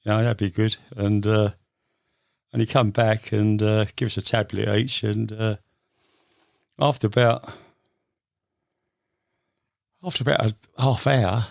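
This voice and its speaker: An older man from England tells his story in a loose, rambling way, leaning on lots of fillers. His voice sits a little low and has a gravelly edge. The sound is dry and close. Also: level tone, unhurried, pauses often, dry recording. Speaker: guest. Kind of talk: casual storytelling interview.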